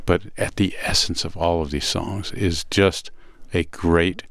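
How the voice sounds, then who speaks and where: A man with a Brooklyn accent hosting a radio music segment, telling stories in a relaxed way with many pauses. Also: low voice, no echo, clean studio sound. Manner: relaxed storytelling with frequent "uh" pauses. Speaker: radio host. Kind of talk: casual music chat on radio.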